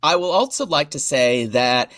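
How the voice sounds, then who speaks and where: Catty male podcast co-host, animated delivery, dry close-mic sound. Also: a little high, dry recording. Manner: chatty and catty, quick asides. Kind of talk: casual podcast chat.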